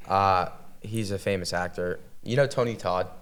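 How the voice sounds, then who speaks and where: A teenage boy answering interview questions haltingly, with many pauses. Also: low-pitched, a bit bright, clear, resonant tone. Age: teens. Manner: hesitant, halting. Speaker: student guest.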